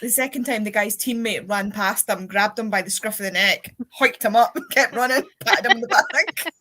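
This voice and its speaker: A woman's voice: medium pitch, moderate pace, pushed and bright. A young adult woman with a Scottish accent, hosting a casual livestream chat and telling rambling anecdotes with the odd swear word. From Scotland. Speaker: readathon livestream host.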